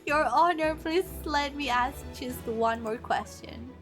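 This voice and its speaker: An earnest young defense lawyer, read by a woman, pressing a witness with questions. High, unhurried voice, with game music behind.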